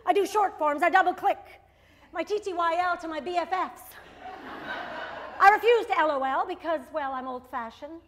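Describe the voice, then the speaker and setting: A woman's voice: extremely high pitch, normal speed. A middle-aged woman doing a stand-up comedy routine, wry and self-mocking, with sudden exasperated bursts.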